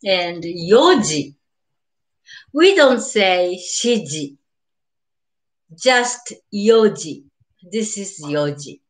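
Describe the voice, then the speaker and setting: An older woman speaks in careful, slow English with a Japanese accent. Her voice sits at an ordinary pitch. She repeats each word patiently for her beginner students. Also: expressive. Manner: slow and patient, repeats words, laughs often, greets viewers. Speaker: Japanese teacher. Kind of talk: live-streamed beginner language lesson.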